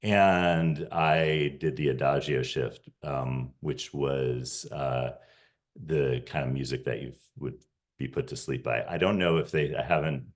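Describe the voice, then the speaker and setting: Man in his 40s with a super low voice, lots of uhs and restarts, chatting over a video call. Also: measured pace. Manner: hesitant, many fillers and restarts. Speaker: podcast host. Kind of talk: casual talk to a reunion audience.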